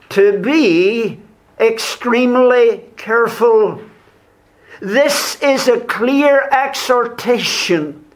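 Man, preacher, sermon, high-pitched voice, very slow measured delivery, repeats phrases for emphasis.

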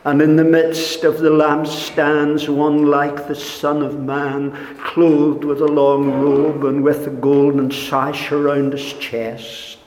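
A man preaching a sermon, speaking slowly and deliberately, sinking to hushed tones and rising for emphasis. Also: a little high, completely flat delivery, a little hiss or hum. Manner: slow, deliberate preaching, dropping to near-whispers and rising in emphasis. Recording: echoey hall with long reverb.

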